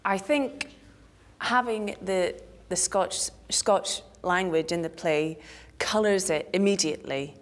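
A woman speaks in a low register, reflecting on a theatre role in an interview. She thinks aloud, and at moments her voice sinks to a near whisper. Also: slow pace. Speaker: stage actress, interviewee.

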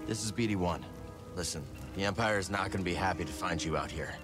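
A calm, friendly young Jedi hero, voiced by a man in a video game, with a very low, steady voice. He speaks in a reassuring way, with game music clearly audible behind him. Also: fast talker, close to an everyday voice.

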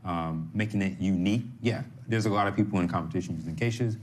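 Man with a very deep voice giving blunt advice. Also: fast talker. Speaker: competition coach. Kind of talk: casual coaching chat.

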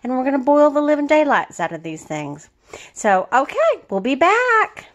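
A woman's voice: sits high, very animated, normal speed, lo-fi sound. Chatty woman in an echoey kitchen. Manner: chatty, laughs often, drawls some words. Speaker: home brewing vlogger. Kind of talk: casual kitchen how-to chat. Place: home kitchen.

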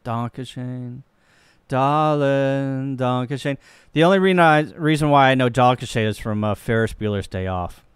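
A man from Missouri, a ham radio operator, chatting casually and joking on a live stream while he works the radio and thinks out loud. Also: mid-range voice, brisk, clean tone, no room sound, clean studio sound. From Missouri, USA.

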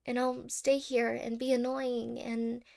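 A woman voicing a clingy, anxious young girlfriend in a whispered role-play, soft-spoken, stammering and apologetic. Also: a little high, level tone, slow, creaky. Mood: anxious, teary. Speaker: ASMR role-play creator.

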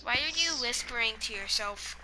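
A woman's voice: a little high, lively intonation, moderate pace, background noise. A woman chatting casually while playing a video game, joking around with playful banter and silly sounds. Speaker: gamer.

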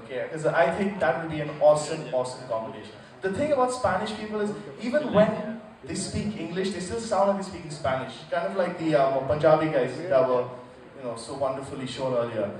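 A man's voice: a little high, expressive, brisk. A young man doing crude stand-up comedy on stage, joking with stammering restarts. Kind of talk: stand-up routine. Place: stage at a live venue. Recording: echoey live venue from far off, crowd.

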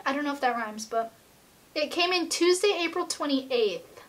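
A young woman with a high voice talks straight to her vlog audience. She gushes like an excited fan, runs out of breath and sprinkles "like" through every sentence. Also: moderate pace. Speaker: vlogger. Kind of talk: excited casual vlog chat.

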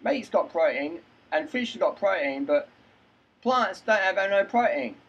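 A man putting on a mock Cockney accent to play a slow, insistent know-it-all who doubts him. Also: high-pitched, expressive, a bit bright, breathy edge, muffled recording, voice pushed up, full character voice. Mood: smug.

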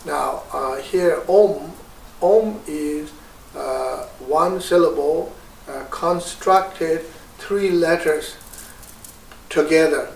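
A man with a Tibetan accent teaching a guided meditation, slow and patient with many hesitations. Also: on the high side, vocal fry, slight background noise. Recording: roomy, distant mic.

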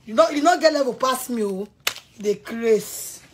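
A woman with a Nigerian accent rants in a high, piercing voice. She is heated and threatening and circles back to the same lines again and again. A faint noise sits under her voice. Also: animated, normal speed. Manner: heated, threatening, repeats herself. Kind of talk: angry rant to camera.

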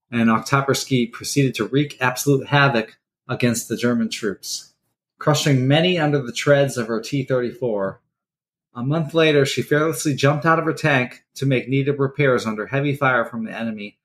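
A man's voice: medium pitch, a bit bright, slight background noise. Man reading a story on a podcast. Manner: reads a history piece aloud, laughing at his own stumbles. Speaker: podcast co-host.

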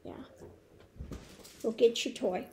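In a relaxed home update, the host of a spiritual tarot channel, a woman, speaks softly and without hurry. She rambles in a slightly high voice and coos at her pets now and then.

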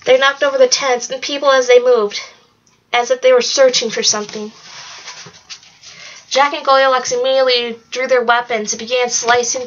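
A woman reading a novel aloud at a steady pace, now and then slipping on a word and correcting herself. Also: fairly high pitch, muffled recording, a little hiss or hum. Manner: steady reading with occasional slips and self-corrections. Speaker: narrator.

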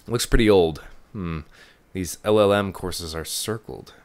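A man's voice: low voice, unhurried, soft background music. A man giving casual let's-play commentary, thinking aloud as he explores. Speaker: let's player. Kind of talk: gaming commentary.

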